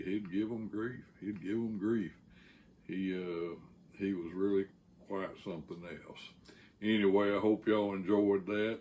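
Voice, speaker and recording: A man with a Texan accent hosting a channel, telling a story casually in a rambling way with frequent "uh" pauses. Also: low voice, darkish tone, a little hiss or hum.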